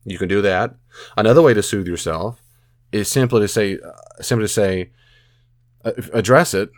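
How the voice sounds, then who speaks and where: A man's voice: on the low side, normal speed, pauses often, dry recording, clean studio sound. A man giving earnest, casual advice as a podcast host, repeating phrases and acting out his own self-talk. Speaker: podcast host answering a listener.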